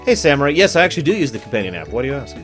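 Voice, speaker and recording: A man's voice: mid-range voice, sing-song, rapid-fire, a bit bright, soft background music. A man streaming a game, giving casual commentary with dry, wry asides. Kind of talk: casual let's-play commentary.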